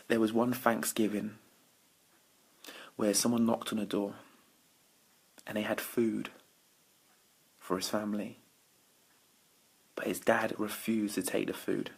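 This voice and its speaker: Motivational speaker, male, gravelly husky low voice, energetic live-stream host greeting viewers. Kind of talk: late-night Facebook Live talk to viewers. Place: indoors at night. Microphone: phone or webcam for a live stream.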